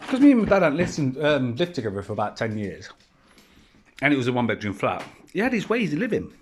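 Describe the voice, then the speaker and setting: This man's medium-pitched voice is slightly rough, fast, and full of huge pitch swings. A vlogger at home with children around, he rambles through a personal story casually, swearing heavily and restarting often.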